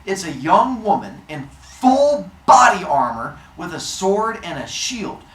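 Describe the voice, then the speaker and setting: A woman with a low voice tells an old myth as a casual, comic story, tossing in jokes and asides. Her pitch swings widely as she goes. She sounds like she is in a roomy space, with faint ambience underneath. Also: takes it slowly. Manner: animated, jokey, full of asides.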